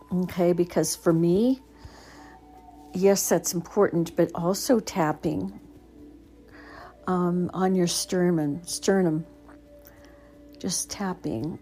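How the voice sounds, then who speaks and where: A woman talks someone through tapping and breathing exercises, gentle and unhurried, with soft pauses and the odd "um." Her voice is warm and mellow, and faint music plays behind her. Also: fairly low pitch. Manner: drops to a whisper at times. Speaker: anxiety relief guide. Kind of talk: calming self-help guidance.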